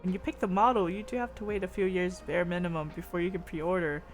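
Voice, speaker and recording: A woman's voice: lowish voice, steady tone, fast, faint music behind. A woman streamer chatting casually with viewers, reading their messages, rambling with lots of fillers, teasing, and giggling often.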